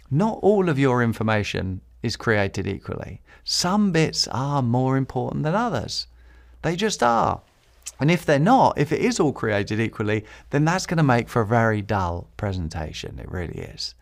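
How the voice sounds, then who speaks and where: A man's voice: mid-range voice, sing-song, unhurried, gravelly. A man hosting a podcast and teaching public speaking, repeating key phrases for emphasis and chuckling between points. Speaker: podcast host.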